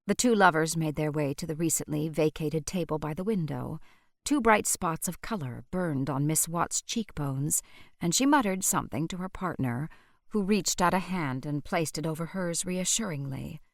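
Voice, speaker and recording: A woman narrating an audiobook in a measured storytelling manner. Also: deep voice, vocal fry, dry recording, studio quality.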